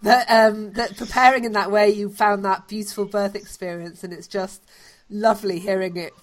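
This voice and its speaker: A woman hosting a podcast interview, warm, effusive and emotional in her responses. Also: medium pitch, fairly even intonation, moderate pace. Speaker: podcast host. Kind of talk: interview conversation.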